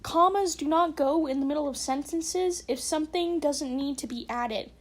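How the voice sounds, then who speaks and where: A high-pitched woman reads horror stories aloud for her podcast and keeps stopping to comment. She sounds blunt and sarcastic, nitpicking the grammar, then sighs and apologizes. It is casual and unpolished. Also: normal speed. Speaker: podcast host reading online horror stories.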